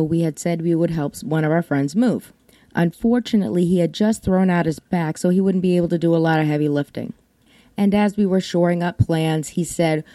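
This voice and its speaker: Woman, podcast host, casual storyteller; irreverent, cusses, low mellow voice. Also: no echo. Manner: wry, irreverent, swears freely.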